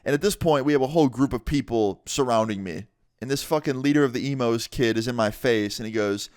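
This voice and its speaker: A young man casually telling a storytime vlog with animated delivery and heavy swearing. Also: mid-range voice, a little fast, smooth, dry recording, clean studio sound. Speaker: vlogger.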